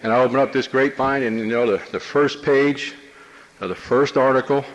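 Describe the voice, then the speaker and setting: A man's voice: medium pitch, fairly even intonation, a little fast, a little hiss or hum, rough recording. A man from New Jersey telling his personal recovery story to a meeting, in a wry, streetwise, conversational manner. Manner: streetwise, wry, conversational with many "you know"s. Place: meeting room before an audience.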